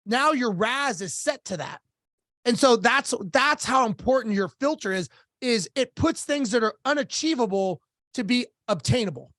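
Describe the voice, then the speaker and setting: Blunt, animated male coach telling a story. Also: very high voice, moderate pace, dry recording, studio quality. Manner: blunt, animated, acts out both sides of dialogue. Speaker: business coach, podcast guest. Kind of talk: storytelling in a casual interview.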